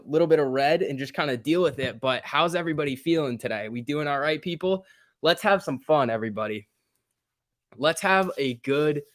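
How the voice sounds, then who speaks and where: A man's voice: on the high side, a bit bright. A young man hosting a live market stream in a casual, chatty way, reading out prices and greeting viewers by name. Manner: chatty, reads out stock prices and viewer names. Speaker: livestream host.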